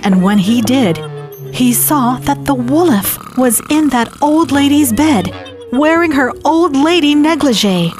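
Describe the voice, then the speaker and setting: A woman's voice: sits high, animated, a little slow. A woman podcast host narrating a comic fairy tale with irreverent, wry asides. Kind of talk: comedic storytelling. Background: faint music.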